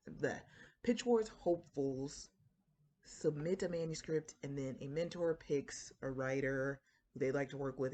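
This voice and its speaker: A woman's voice: deep voice, darkish tone. A woman with a Floridian accent talking casually to camera in a chatty, rambling way, full of fillers and asides. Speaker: writing vlogger.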